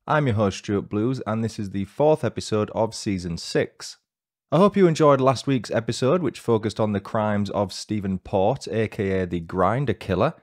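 A man's voice: fairly low pitch, animated, normal speed, darkish tone, dry recording. A man hosting a true-crime podcast, reading a scripted narration with dry, lightly joking asides. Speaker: podcast host.

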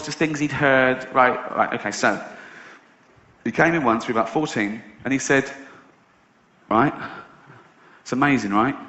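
An English male stand-up comedian telling blunt, profane stories, rising to incredulous shouts. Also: medium pitch. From England. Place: live theatre stage. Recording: echoey dull live hall recording with crowd.

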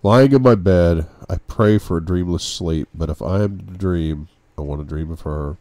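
Deep, dark-voiced male audiobook narrator. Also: no echo. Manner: brooding, measured reading. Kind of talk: first-person audiobook narration.

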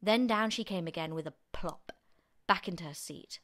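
A woman reading a children's book aloud as an expressive storyteller. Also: on the low side, normal speed. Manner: expressive, animated narration.

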